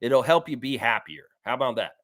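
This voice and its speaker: A man's voice: medium pitch, a little fast, dry recording, studio quality. A man hosting a live fan reaction stream, reading chat and answering in a blunt, repetitive way with casual swearing. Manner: blunt, animated, swears freely, repeats himself for emphasis. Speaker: sports stream host.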